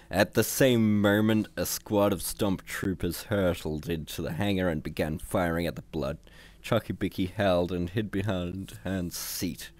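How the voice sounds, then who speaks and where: Low-voiced man reading aloud. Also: a little slow, a little mellow. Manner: stumbles and corrects himself, laughs at the text. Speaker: amateur reader. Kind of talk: casual reading aloud of a parody novel. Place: home livestream setup.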